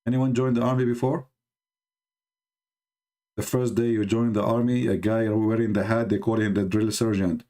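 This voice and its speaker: His voice is lowish and dark, with little pitch movement, normal speed and long pauses. He's a Middle Eastern native Arabic speaker hosting a religious debate live stream, sarcastically mocking a video with rhetorical questions in broken English.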